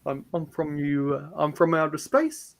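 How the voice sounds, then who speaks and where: A man's voice: fairly high pitch, expressive, a little slow, creaky. A man putting on a goofy drawling rock monster. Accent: New Zealand. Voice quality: exaggerated drawl. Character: dopey laid-back rock monster, male.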